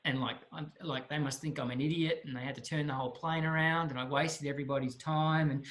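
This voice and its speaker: A man voicing an embarrassed young woman who mutters self-critically in a low, quiet voice. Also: fairly even intonation, fast, lightly acted. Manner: low, mumbled, self-deprecating.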